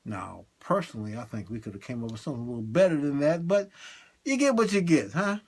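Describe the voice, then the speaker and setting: A man doing a comic monologue, swinging between high excited bursts and low muttered asides. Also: quick pace, slightly rough. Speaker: stand-up comedian.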